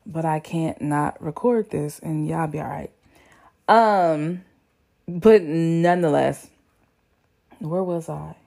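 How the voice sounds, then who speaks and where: A young woman talks straight to her viewers, relaxed and full of slang. Her voice sits a little low, and she tells her story with lively, animated energy. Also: creaky. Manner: chatty, slangy, animated retelling. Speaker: vlogger. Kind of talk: casual storytelling to camera.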